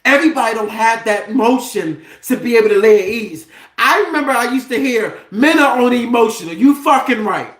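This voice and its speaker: A man's voice: extremely high pitch, lively intonation, a little fast, a bit bright, roomy sound. A man delivering an impassioned, profane monologue, firing off rhetorical questions in a heated, preachy way.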